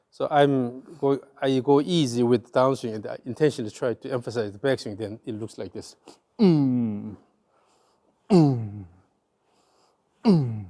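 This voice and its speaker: A man's voice: mid-range voice, a little mellow. A man with a Korean accent giving hands-on golf swing coaching, repeating short cues in rhythm as his student swings.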